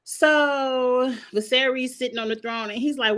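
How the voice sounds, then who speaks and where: A woman's voice: high-pitched, a little slow. Sassy woman recapping a TV episode. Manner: sassy, animated retelling with playful cursing. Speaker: show recap host.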